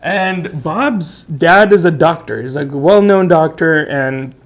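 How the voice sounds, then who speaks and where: A man with a slightly higher voice tells a spooky story in easygoing chat. He rambles with lots of fillers and acts out the people in his tale. He talks from a studio while makeup is done on him. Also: slow. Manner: animated, filler-heavy storytelling with acted quotes. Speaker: storyteller and co-host.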